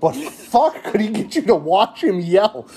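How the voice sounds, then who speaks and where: A man hosting a casual interview, who chats in a relaxed way, agrees and swears. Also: sits high, a little slow. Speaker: interviewer, host.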